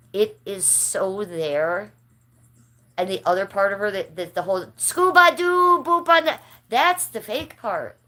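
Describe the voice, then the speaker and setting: A middle-aged woman talks to her livestream viewers in a loose, rambling way. She gossips about people she knows and laughs often as she reads the chat. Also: fairly low pitch. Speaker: livestream host.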